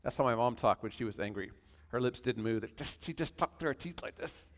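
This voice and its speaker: A man preaching a sermon in a church, swinging between loud emphatic passages and quiet conversational asides. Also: medium pitch, expressive, a little fast, in a large hall. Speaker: pastor.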